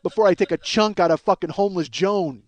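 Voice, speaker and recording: A podcast host in his forties delivers a comedic story as a monologue, ranting in a profane and self-mocking way. He speaks quickly, and his voice sits high.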